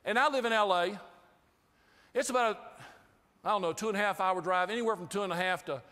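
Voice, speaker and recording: A man giving an inspirational talk, telling a humorous story with lively, acted-out dialogue to a live audience. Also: high-pitched, brisk. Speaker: inspirational speaker. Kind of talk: storytelling keynote speech. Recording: hall reverb.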